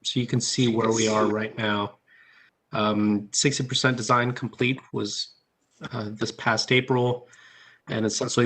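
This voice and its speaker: A man, a design consultant, presenting a project schedule remotely, steady and explanatory. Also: fairly low pitch. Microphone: dialed in online.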